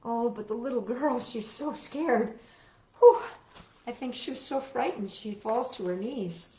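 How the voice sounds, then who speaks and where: A woman's voice: fairly high pitch, normal speed, echoey room, low-quality recording. A woman narrating a wordless picture book for a children's storytime, wondering aloud and gasping as she goes. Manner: expressive and wondering aloud, with soft gasps. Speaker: storytime reader.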